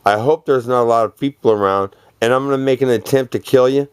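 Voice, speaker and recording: A man's voice: mid-range voice, quick pace, clean tone, no echo. A man delivering a rambling, profane, boastful monologue, laughing between phrases.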